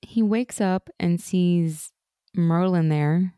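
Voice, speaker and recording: Mellow-voiced woman recapping a TV episode. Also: sits low, normal speed, no room sound, studio quality. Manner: animated retelling, acts out quoted lines, laughs often. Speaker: podcast co-host. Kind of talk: casual TV recap chat.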